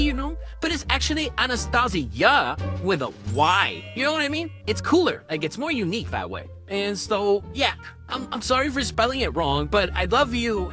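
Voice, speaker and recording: A young woman in a solo vlog, rambling and giggling, breathless with excitement as she thanks a viewer. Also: a little high. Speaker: channel co-host. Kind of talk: solo vlog unboxing chat.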